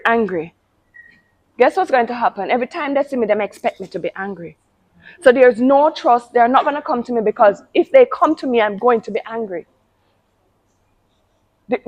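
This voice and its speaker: High-voiced woman giving parenting advice. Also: darkish tone, dull audio. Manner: emphatic, repeats words, mimics children and parents. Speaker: parenting channel host. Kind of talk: casual advice talk.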